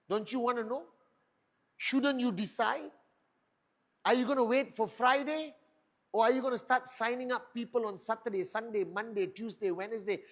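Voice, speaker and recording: A man delivering a motivational talk as a network marketing leader, firing off rhetorical questions with emphatic punch. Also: high-pitched. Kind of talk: motivational speech.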